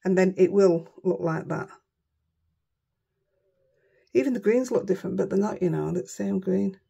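A woman's voice: mid-range voice, moderate pace, creaky, warm tone, breathy edge, highs cut off. A woman with a Yorkshire accent chatting casually while making cards, self-mocking and muttering to herself now and then. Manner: chatty, self-mocking, often mutters under her breath. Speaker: craft vlogger. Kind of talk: casual chat while crafting.

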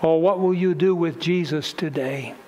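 A pastor delivers a sermon with fervent conviction, his voice sitting notably high for a man. He swells in volume and then drops back, rolling through his points in a preaching cadence. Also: moderate pace, darkish tone, rough recording.

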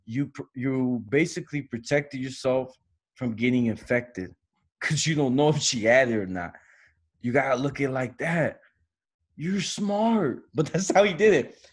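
Young male podcast co-host, husky voice, animated storyteller, mid pitch. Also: measured pace. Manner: animated, laughs often while telling stories. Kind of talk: casual storytelling.

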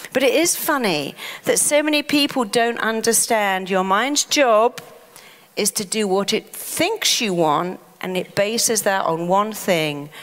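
English woman giving an animated self-help talk. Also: on the low side, long reverb tail. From England. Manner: animated, acts out the mind talking back. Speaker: therapist and self-help speaker. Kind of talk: motivational talk.

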